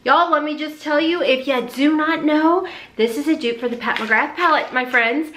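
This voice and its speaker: A woman chatting excitedly through a beauty box unboxing, gushing and addressing viewers as y'all. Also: high-pitched, moderate pace, echoey room. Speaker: beauty vlogger. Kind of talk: casual unboxing chat.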